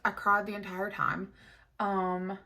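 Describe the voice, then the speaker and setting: A woman book vlogger in casual chat to the camera, chatty and animated, gushing over her reads. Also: mid-range voice, slow pace.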